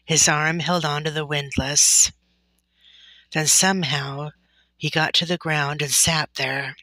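Slow, bright-voiced woman reading a storybook. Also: deep voice, steady tone, no echo. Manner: slow, gentle, deliberate storytelling. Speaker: storybook reader. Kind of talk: reading a children's novel aloud.

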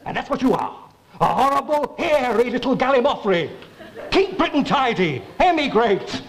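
An actor playing a pompous official who berates a lowly man in haughty, scornful tirades full of long words, in a 1960s television sitcom. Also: sing-song, normal speed, heavily acted, low-quality recording.

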